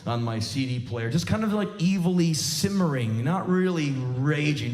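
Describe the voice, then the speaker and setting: A man's voice: on the high side, lively intonation, moderate pace, few pauses, darkish tone. Profane sarcastic man on a theater stage. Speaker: spoken word performer. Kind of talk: live stand-up monologue. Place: large theater stage, live audience. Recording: echoey live theater recording.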